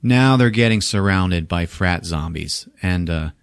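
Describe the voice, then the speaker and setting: A man hosting a podcast, recapping a movie casually with animated retellings, acting out the characters' lines, laughing and swearing often. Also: sits low, measured pace, clear, resonant tone, no echo, studio quality. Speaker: podcast host.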